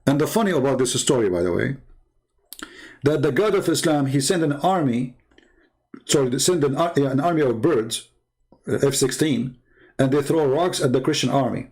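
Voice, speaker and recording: The host, a man with a medium-pitched, darkish voice, is expressive and pauses often while keeping a normal speed. He's giving sarcastic, mocking commentary full of heated rhetorical questions.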